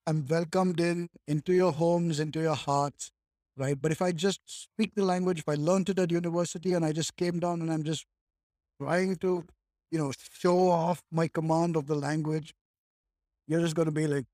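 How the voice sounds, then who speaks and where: Guy from india rambling in a chat, higher voice, lots of like and right, dry close sound. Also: steady tone, moderate pace, dark tone, dry recording. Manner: thinks aloud with many "like" and "right?". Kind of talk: casual conversation.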